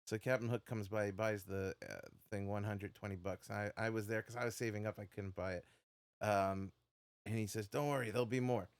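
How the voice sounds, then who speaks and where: A man's voice: lowish voice, little pitch movement, moderate pace, clear, resonant tone, dry recording. A man telling a funny anecdote in casual podcast chat, laughing at his own punchlines.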